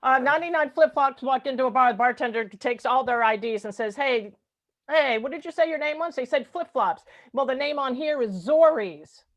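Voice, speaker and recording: A woman improv player telling improvised jokes in a lively way. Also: high voice, normal speed. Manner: lively, laughs at her own jokes.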